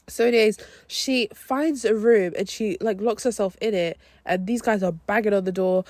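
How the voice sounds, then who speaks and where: Slangy, animated young woman. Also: a little high, normal speed, hardly any pauses, dry recording. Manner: animated, swearing, slangy storytelling. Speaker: podcast host. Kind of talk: casual film review monologue.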